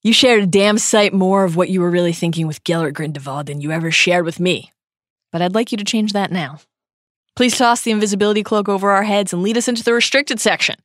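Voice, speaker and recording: A woman co-hosting a podcast, recapping a chapter as a lively storyteller. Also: medium pitch, quick pace, no echo, clean studio sound. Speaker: podcast co-host. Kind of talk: casual chat and recap.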